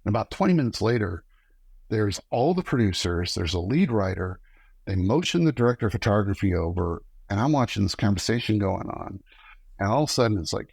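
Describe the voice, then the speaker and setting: A middle-aged man, a guest on a podcast, telling lively stories and acting out the lines of people he quotes. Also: lowish voice, fairly quick, vocal fry, dry recording. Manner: animated storyteller acting out quoted dialogue. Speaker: podcast guest, former camera operator. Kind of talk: casual storytelling interview.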